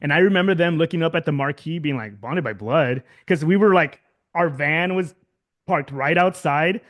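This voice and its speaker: Speaking at normal speed, this man has a voice on the high side with a fairly bright tone. In his thirties and from Southern California, he's a guest musician in a casual interview who rambles, restarts often, uses lots of fillers, and laughs a great deal.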